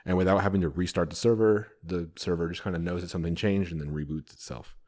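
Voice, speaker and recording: Man, very deep voice, casual rambling tech talk, swears now and then. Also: steady tone, fast, darkish tone. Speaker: podcast co-host, developer. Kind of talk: casual technical chat.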